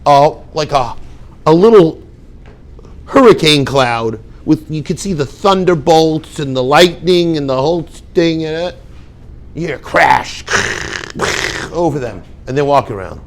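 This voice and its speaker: An older man, a rabbi and yeshiva head, giving a storytelling talk and acting out the dialogue with lively voices. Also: fairly high pitch, measured pace. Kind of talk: storytelling lecture.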